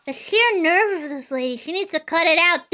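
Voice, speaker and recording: A woman's voice: extremely high pitch, animated, moderate pace, bright, forceful tone. A young adult woman streaming a horror game, joking and chattering chaotically at the screen in self-mocking live commentary.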